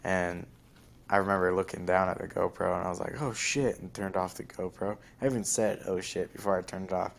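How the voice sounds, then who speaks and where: A man's voice: low-pitched, little pitch movement, a little fast, vocal fry, a little hiss or hum. A young man hosting a podcast, telling a long story in a rambling casual way full of fillers. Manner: rambling, lots of fillers and likes. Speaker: podcast host.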